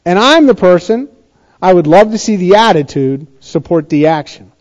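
A man's voice: high-pitched, lively intonation, moderate pace, muffled recording. A male pastor giving a sermon in a chatty, conversational way, often restarting his sentences.

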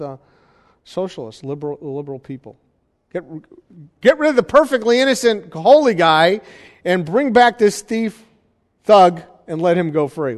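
A pastor preaches a Sunday sermon, teaching and questioning his congregation with emphasis. His voice is a little high with a darkish tone, heard through long hall reverb.

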